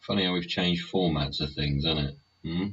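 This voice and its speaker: Very deep-voiced, sweary man. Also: steady tone, normal speed, a bit bright. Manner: heavy swearing, tag questions. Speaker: host of a live solo show. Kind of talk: rambling live chat. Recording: muffled lo-fi sound, faint hiss.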